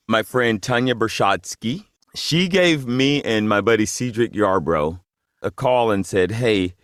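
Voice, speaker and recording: Low-voiced man telling a relaxed story. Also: no echo, clean studio sound. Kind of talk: anecdote.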